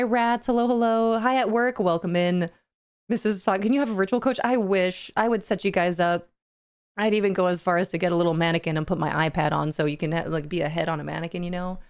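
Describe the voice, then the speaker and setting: A young adult woman chats casually on a live stream, greeting viewers by name and laughing often. Her voice sounds smooth and clear, sitting at an ordinary middle pitch for a woman.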